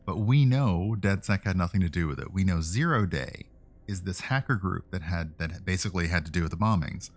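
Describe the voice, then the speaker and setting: A man with a low, fairly quick voice streams a video game, rambling casually with frequent fillers and self-corrections.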